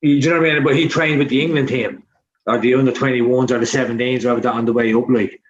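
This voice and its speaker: A man's voice: mid-range voice, fairly even intonation, fast, highs cut off. An Irish man in a casual football chat, arguing his point and swearing. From Ireland. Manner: argumentative, swears.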